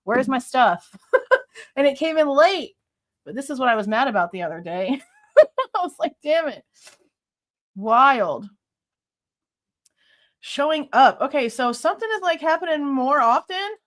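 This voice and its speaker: A woman's voice: high-pitched, very animated, normal speed, long pauses, a bit bright. A woman hosting a casual livestream, chatting with viewers and greeting them by name, laughing often. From Ohio. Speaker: livestream host.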